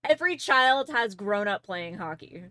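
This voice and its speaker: A woman's voice: mid-range voice, animated, moderate pace, sharp tone, no echo. Chatty Canadian woman, dry close mic. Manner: rambling, filler-heavy, laughs easily. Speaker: streamer. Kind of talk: casual chat while drawing on stream.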